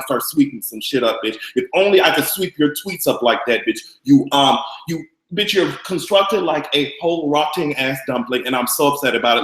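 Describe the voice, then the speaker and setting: A man's voice: on the high side, roomy sound, rough recording. A man hosting a live-stream gossip show, brash, profane and camp. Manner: brash, profane and camp, with loud cackling laughs. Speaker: vlogger host.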